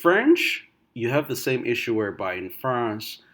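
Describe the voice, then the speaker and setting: A man from Uganda, thinking aloud in a casual monologue, full of restarts and fillers, swinging between loud bursts and quiet asides. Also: mid-range voice, very animated, unhurried. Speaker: vlogger.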